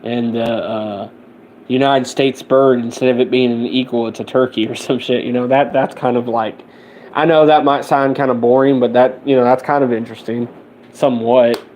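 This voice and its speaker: A man's voice: medium pitch, fairly even intonation, a little mellow, slight background noise. Tired, rambling man on a late-night stream. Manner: rambling, halting, loose and casual. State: tired and sleepy. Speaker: livestream host. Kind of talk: late-night livestream chat.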